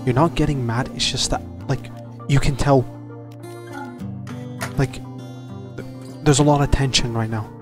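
Loud exasperated man trying to mediate. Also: medium pitch, unhurried, long pauses. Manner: loud, exasperated, tries to calm others. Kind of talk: heated argument. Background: music playing.

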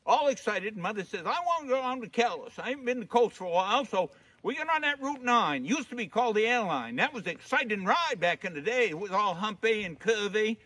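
A man's voice: high voice, animated, a little fast, bright, forceful tone. A middle-aged man with a Maine accent telling folksy comic stories in a drawling, down-home way, recorded outdoors in snowy woods. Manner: drawling, down-home, leans into voices for characters. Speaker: humorist storyteller.

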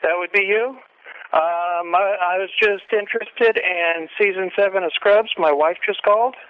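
A man's voice: high-pitched, normal speed, a little hiss or hum. A man calling in, angry and threatening to come over. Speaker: caller, truck driver. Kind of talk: phone call. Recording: tinny phone line.

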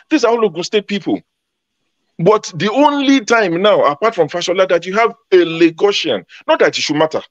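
A man's voice: on the high side, no echo. A man speaking as a panelist in a heated debate, emphatic and combative, repeating his points.

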